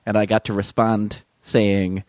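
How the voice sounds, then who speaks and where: Low-ish guy on a podcast, wry and self-deprecating, dry audio. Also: level tone, a little slow, a little mellow, dry recording. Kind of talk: casual chat.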